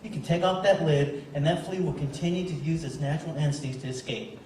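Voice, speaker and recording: A man's voice: on the high side, a little fast, a little mellow, slight background noise. A man giving a keynote speech as a motivational speaker, telling a story and speaking straight to the audience. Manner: storytelling, addresses audience directly. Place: large event hall. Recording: very echoey hall from far off.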